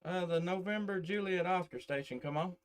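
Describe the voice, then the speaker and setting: His voice sits high and moves a little fast as this middle Tennessee ham radio operator chats casually on air into a desk mic. He drawls in a Southern accent and leans on many fillers.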